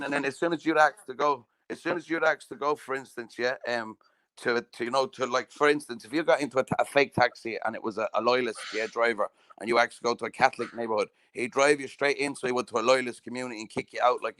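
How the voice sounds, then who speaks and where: A man's voice: medium pitch, fairly even intonation, fast talker, fairly bright tone, dry recording. Southern Irish male host, chatty storyteller who swears freely, in a dry, close-miked sound. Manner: sweary storytelling, constantly asking "do you know what I mean". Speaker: podcast host. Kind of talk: casual chat.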